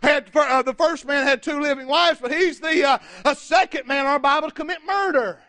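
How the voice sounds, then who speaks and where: A man preaching a fiery sermon from the pulpit, shouting often and calling out for amens. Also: very high-pitched, brisk. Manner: shouting preacher, repeated "amen" and "my friend". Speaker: pastor.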